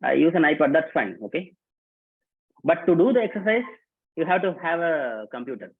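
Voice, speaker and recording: A man's voice: on the high side, very animated, normal speed, slightly rough. Man hosting a tinny online workshop. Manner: casual, repetitive, calls out names and instructions. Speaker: workshop host. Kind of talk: live online workshop, greeting participants. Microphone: online video call. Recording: tinny phone-like call audio.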